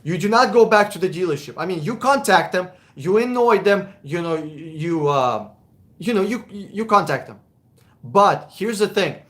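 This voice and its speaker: Guy doing a live q&a stream, blunt and casual, kinda high voice, swears a bit. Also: expressive, moderate pace, fairly bright tone. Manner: blunt, casual, swears, repeats words when thinking. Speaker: livestream host answering car questions.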